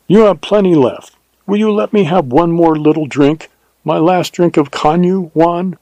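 A man's voice: a little high, measured pace, warm tone, no echo, pitched above the performer's own voice. A man voicing a stern adult male ranger in a storybook Western, speaking in firm, clipped commands. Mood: coaxing.

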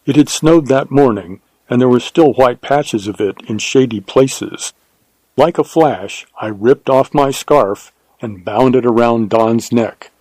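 Measured male audiobook narrator, dry sound. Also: medium pitch, darkish tone, dry recording, rough recording. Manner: measured, unhurried storytelling.

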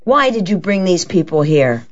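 A gruff, domineering old woman drawls out blunt demands, as a woman reader puts her on. The voice sits low and dark. The recording is dull and lo-fi. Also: sing-song. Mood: imperious. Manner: blunt, imperious, slow drawl.

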